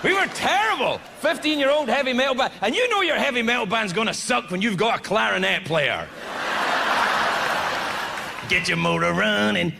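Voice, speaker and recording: A man doing a stand-up comedy set, loud, animated and heavily profane in his delivery. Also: very high-pitched, quick pace, vocal fry, hardly any pauses. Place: comedy venue before an audience. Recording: live club with crowd and noise.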